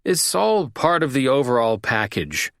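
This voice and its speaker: In an audiobook, a man voices a drunk, self-pitying young bartender who slurs and mumbles, pitching above his own natural voice. The delivery is medium-pitched, sing-song, unhurried and fairly bright, recorded cleanly in a studio with no room sound.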